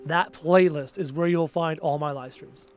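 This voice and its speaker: A man with a fairly high voice chats through a late-night gaming stream from home. He sounds tired and rambles on, often letting his phrases fade away. Soft music plays quietly underneath. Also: moderate pace, clean tone. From Canada. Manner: chatty and rambling, trailing off quietly at phrase ends. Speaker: gaming livestreamer. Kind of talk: casual livestream chat, reading viewer comments aloud.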